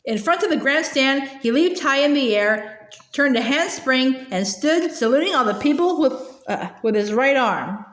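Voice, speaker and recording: A woman reads a children's novel aloud in a high, animated voice. She often stalls on drawn-out filler sounds and restarts words, and the recording sounds roomy and echoey. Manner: hesitant, with many filler sounds and stumbles. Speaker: storybook reader.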